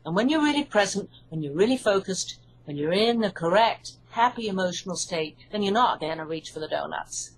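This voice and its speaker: A woman's voice: medium pitch, expressive, brisk, few pauses, a little hiss or hum, rough recording. A woman with an English accent, a hypnotherapist answering interview questions in an earnest, reassuring way. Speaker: hypnotherapist and author.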